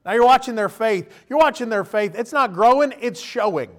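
Preacher, male, high voice, animated delivery that swells to loud emphatic bursts. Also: normal speed. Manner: direct questions to the listener. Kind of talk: sermon.

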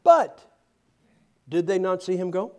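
A male preacher delivering a humorous, animated sermon, often restarting his sentences. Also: high voice, a little slow.

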